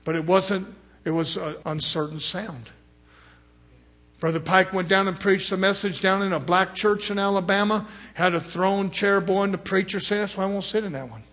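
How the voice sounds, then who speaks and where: A man preaching a sermon, swinging between loud rising exhortation and low murmured asides, acting out other people's words in quoted voices. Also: little pitch movement, normal speed.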